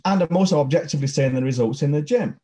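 A man's voice: a little high, fast talker, warm tone. A man co-hosting a casual podcast, blunt and sweary, often breaking into heated rants. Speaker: podcast co-host.

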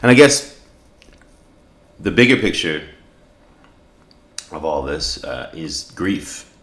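A man's voice: rumbling low, big pitch swings, slow, fairly bright tone. A middle-aged man from South Africa, a podcast guest, telling a personal story in an earnest, reflective way, with many fillers and restarts. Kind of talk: storytelling in casual conversation.

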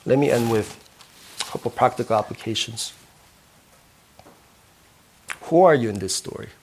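A man's voice: mid-range voice, expressive, a little fast, a little mellow, slight background noise. A man preaching a sermon as a pastor, earnest, who keeps asking his listeners questions and ending points with "right?".

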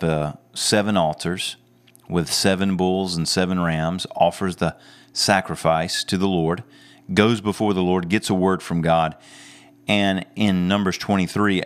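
A male preacher giving a sermon, retelling a story with lively, amused storytelling. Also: low voice. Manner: animated storytelling with chuckles.

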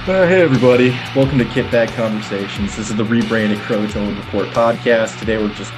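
A man with a fairly low voice co-hosts a relaxed podcast. He talks in an easygoing, joking way and chuckles between his points. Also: brisk, music in the background. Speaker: podcast co-host. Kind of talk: casual podcast chat.

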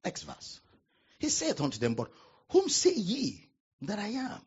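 Raspy-voiced preacher with sweeping pitch. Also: male voice, wildly swooping pitch, a little mellow, lo-fi sound. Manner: preaching with dramatic pauses and emphatic repetition. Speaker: pastor. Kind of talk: sermon.

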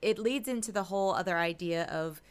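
Smooth-voiced woman telling a story on a podcast. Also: lowish voice, fairly quick. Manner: animated storyteller, acts out quotes. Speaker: podcast co-host, medium. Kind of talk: casual spiritual podcast chat.

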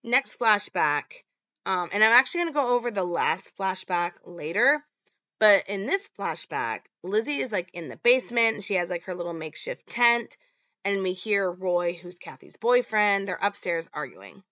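A woman's voice: medium pitch, sing-song, normal speed, bright, forceful tone, no room sound, muffled recording. A woman hosting a podcast, recapping a horror film in a casual, chatty way full of "like" and "um". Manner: chatty, lots of "like" and "um". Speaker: podcast host.

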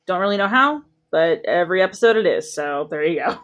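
A woman's voice: on the low side, lively intonation, a little fast, fairly bright tone. Sarcastic woman recapping a show. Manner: breezy, sarcastic storytelling with swearing. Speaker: podcast co-host recapping a show. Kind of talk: casual chat.

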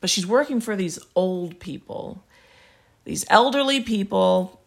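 A woman co-hosting a podcast in casual chat, laid-back and slangy, with lots of soft agreeing interjections. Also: medium pitch, measured pace, vocal fry. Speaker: podcast co-host.

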